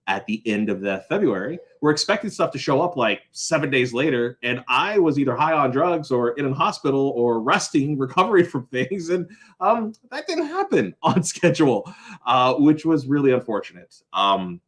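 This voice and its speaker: A man's voice: mid-range voice, sing-song, moderate pace. A man talks through a casual vlog update from home in a middling voice, apologetic and meandering. He fills his sentences with ums and uhs and restarts thoughts as he goes. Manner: rambling, apologetic, many fillers and restarts. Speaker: host of a small crafts business channel.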